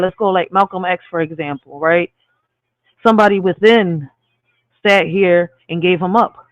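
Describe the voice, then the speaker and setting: A man's voice: high-pitched, a bit bright, no echo, poor audio. A man with a Spanglish accent hosting a casual live stream, speaking in short bursts and tagging lines with "all right?". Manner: peppers talk with "all right?" and "real shit". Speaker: livestream host.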